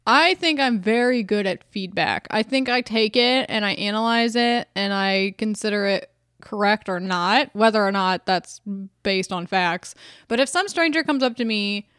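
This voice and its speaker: A woman co-hosts a casual podcast, speaking bluntly and animatedly and swearing freely. Her mid-range voice moves at a normal speed with a fairly bright, clear, resonant tone. The sound is clean studio audio with no room sound.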